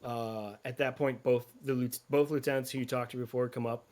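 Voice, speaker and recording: A man as game master, narrating a tabletop game in a casual, halting way with many fillers. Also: mid-range voice, fairly even intonation, a little mellow.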